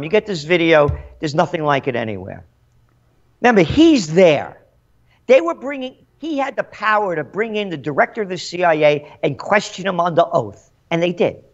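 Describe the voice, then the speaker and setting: A man being interviewed as a trends forecaster, speaking emphatically and indignantly, full of rhetorical questions. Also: on the high side. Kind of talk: animated interview. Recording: dull lo-fi sound.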